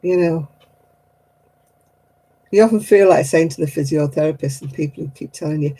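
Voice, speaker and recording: A woman's voice: sits low, fairly quick, warm tone, breathy edge, poor audio. A woman hosting a craft livestream, chatting casually, laughing often and acting out other people's voices. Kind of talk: casual chat.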